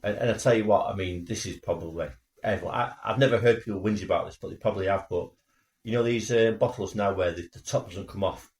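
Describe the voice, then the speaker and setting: Teasing man, low voice. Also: fast talker, a little mellow. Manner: teasing, chatty. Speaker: podcast co-host. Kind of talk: casual banter. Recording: echoey room.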